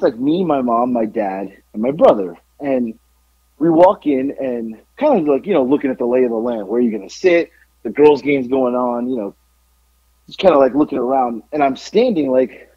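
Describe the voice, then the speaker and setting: A man co-hosting a podcast, slightly hoarse from yelling, telling animated stories in casual chat. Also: medium pitch, no echo, muffled recording. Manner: animated storytelling, yelling out quotes. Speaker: podcast co-host.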